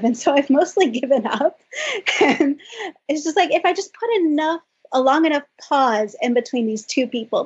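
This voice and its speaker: Woman co-host, higher breathy voice, lo-fi recording, wry and self-mocking. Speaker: podcast co-host. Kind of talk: casual podcast chat.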